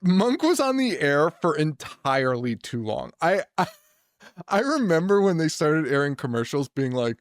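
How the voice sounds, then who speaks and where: A man's voice: fairly high pitch, big pitch swings, normal speed, dry recording, clean studio sound. A young man co-hosting a casual horror podcast, joking and swearing, often laughing. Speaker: podcast co-host. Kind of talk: casual chat.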